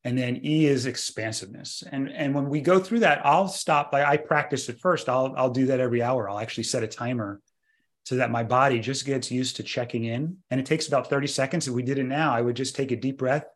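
A middle-aged man, a doctor, explaining in a calm conversational way on a podcast. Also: mid-range voice. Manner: calm explanatory, slows for guided breathing. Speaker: doctor and co-author.

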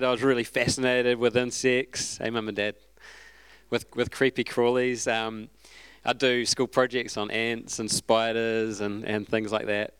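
A man preaching a sermon in a relaxed, conversational, storytelling way. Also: medium pitch, smooth, dry recording.

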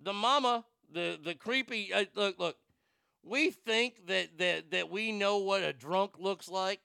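A man's voice: high voice, measured pace, gravelly, pushed and bright, smooth, no room sound, clean studio sound. A man hosting a talk radio show, ranting animatedly about a reality show with crude asides and stammered restarts.

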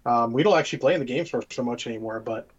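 A man's voice: medium pitch, rapid-fire, slightly rough, dull audio. Blunt, profane man ranting. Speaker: podcast co-host. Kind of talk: casual chat.

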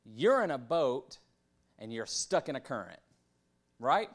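A man putting on a solemn old-school preacher voice, slow and drawn-out in a pulpit cadence. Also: medium pitch, very animated, fairly bright tone, full character voice. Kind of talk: mock preaching.

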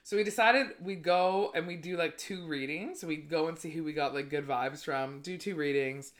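A woman's voice: low-pitched, moderate pace. A woman comedian co-hosting a podcast in casual, giggly chat, swearing freely.

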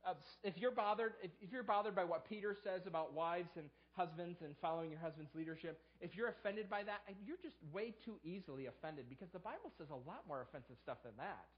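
A man's voice: high voice, fast, few pauses, lo-fi sound. A man preaching a sermon as a pastor, his voice jumping up whenever he acts out the excuses people make. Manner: preaching with sharp rises into acted quotes of excuses.

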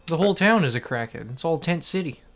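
A man's voice: fairly high pitch, expressive, fast talker, fairly bright tone. A man co-hosting a casual comedy podcast, trading crude jokes and banter. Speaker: podcast co-host.

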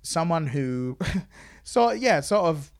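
A man telling convention stories in casual chat, acting out quoted lines in a higher voice. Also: sing-song, slow, creaky, no echo, studio quality. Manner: chatty storyteller, acts out quotes in a higher voice. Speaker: podcast host and stage host.

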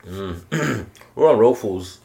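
A man's voice: on the low side, animated, takes it slowly, creaky, dark tone. A man from Maryland, a guest on a podcast, telling stories casually with frequent restarts and self-corrections. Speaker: podcast guest, BMX rider. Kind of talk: casual storytelling interview.

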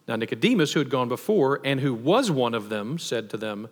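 A man preaching a sermon as pastor, animated and asking the congregation questions. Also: medium pitch, brisk, hardly any pauses. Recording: long hall reverb.

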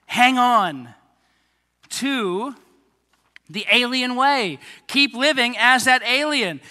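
Bright high-voiced preacher in an echoey hall. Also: male voice, slow pace. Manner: animated, talks straight to a young congregation. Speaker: pastor. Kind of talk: sermon.

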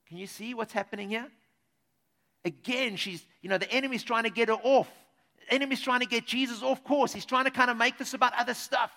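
A male preacher delivering a sermon in a lively, conversational manner, turning to address his listeners directly. His voice sits high for a man. It has a bright, forward edge. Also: a little fast, creaky.

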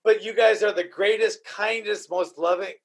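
A podcast host in casual chat, emotional and profane, often repeating himself. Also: male voice, high voice, steady tone, moderate pace.

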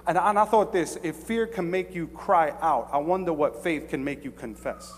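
A man preaching a sermon as pastor. He swings from hushed, slow passages to shouted pleading, often repeating phrases and stammering on restarts. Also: a little high, in a large hall, slight background noise.

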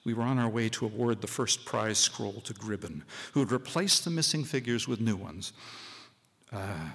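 A man giving a live stage reading of a short story, expressive and dry, in a large public hall. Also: medium pitch, moderate pace, husky. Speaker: story reader. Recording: live hall, long reverb.

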